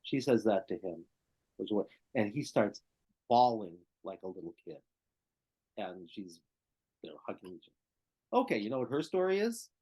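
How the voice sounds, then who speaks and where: A man's voice: fairly low pitch, big pitch swings, normal speed, long pauses, dark tone, breathy edge. An older male therapist telling a client story in conversation, often checking in with "right?" and "okay?".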